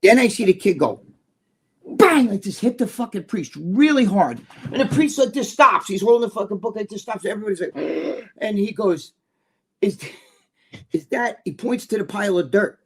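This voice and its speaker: An older man co-hosting a podcast, telling a story in a profane, animated way and laughing as he goes. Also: high-pitched, quick pace, breathy edge. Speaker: podcast co-host. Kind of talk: casual storytelling chat.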